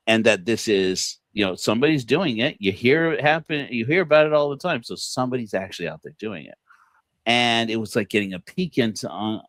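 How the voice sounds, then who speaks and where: A man with a low-pitched voice talks loosely on a livestream, piling up fillers and false starts and breaking into chuckles. The recording is dry and close, with no room sound around him. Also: fairly bright tone, no room sound. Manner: rambling, many fillers and restarts, chuckles often; quotes people in put-on voices. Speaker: podcast host. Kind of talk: casual livestream monologue.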